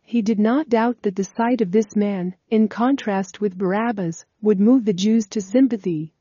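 A woman reading a religious text aloud as scripted narration, in a steady, measured way. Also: mid-range voice, no echo. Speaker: audiobook reader. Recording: dull, lo-fi dry recording.

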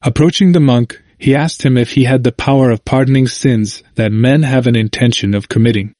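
An audiobook narrator, male and medium in pitch, delivers scripted historical narration at an even, measured pace. His recording is clean and studio-made, free of any room sound.

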